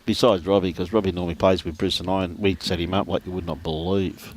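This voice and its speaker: Chatty Australian bowls commentator, low voice. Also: male voice, fairly even intonation, fast, a little hiss or hum. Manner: chatty, laughs often, greets viewers by name. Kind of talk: live sports commentary and casual chat. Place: outdoor bowls green.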